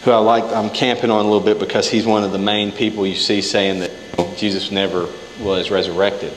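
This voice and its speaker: A man's voice: lowish voice, level tone, a little fast, noisy background. A man preaching a sermon in a church hall. He talks casually and acts out the scripture quotes himself. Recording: echoey hall, faint ambience.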